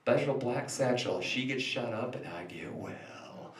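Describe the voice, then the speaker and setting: A man's voice: mid-range voice, lively intonation, measured pace, close to an everyday voice. A man playing a male demon who confesses his sins at a recovery meeting in a sheepish, confessional way. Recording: echoey room from far off.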